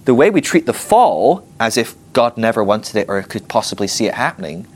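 A man teaching a Bible class in a playful, animated way, acting out little scenes with humor. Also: medium pitch, a little fast, vocal fry, slightly rough.

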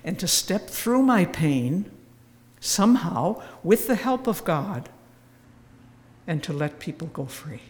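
An older religious sister leading a spoken retreat talk in a large church, telling stories with earnest warmth and wry humor. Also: female voice, on the low side, big pitch swings, slow pace, in a large hall.

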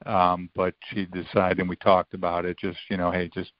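A man's voice: low-pitched, completely flat delivery, moderate pace, no echo. A man in his fifties, a podcast guest, telling rambling stories full of restarts and acted-out quotes. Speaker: podcast guest, former college football player. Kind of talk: casual storytelling. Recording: dull, lo-fi sound.

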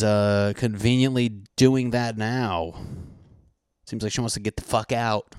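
A man's voice: fairly low pitch, fairly even intonation, measured pace, clear, resonant tone, dry recording, studio quality. A man hosting a solo podcast from his apartment, rambling casually with heavy swearing and crude jokes. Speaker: podcast host.

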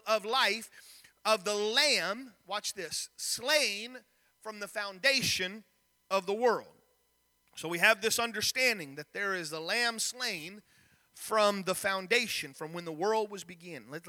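A man delivers a sermon from a church pulpit. His voice sits very high and sounds bright and cutting as he reads scripture and throws questions at the congregation. A long reverb from the hall trails behind each phrase. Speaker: pastor. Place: church sanctuary.

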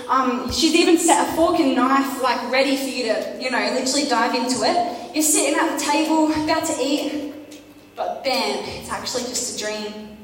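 A woman's voice: high voice, moderate pace. A woman giving a casual, playful youth sermon, chatting and teasing her listeners with questions. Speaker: youth preacher. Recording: echoey hall from far off.

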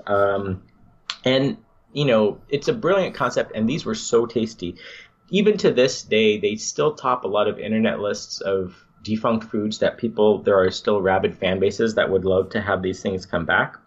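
A man's voice: lowish voice, normal speed, husky. Enthusiastic podcast host man, lo-fi sound. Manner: enthusiastic, rambling, nostalgic. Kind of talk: casual podcast chat.

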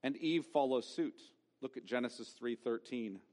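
A man's voice: medium pitch, moderate pace, mellow. Man, pastor, sermon, emphatic, rhetorical questions, lingering echo of a church hall. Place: church sanctuary.

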